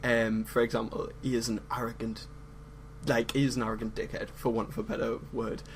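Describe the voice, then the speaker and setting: A man's voice: medium pitch, little pitch movement, brisk, a little hiss or hum, poor audio. English man giving a film review. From England. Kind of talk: casual podcast chat.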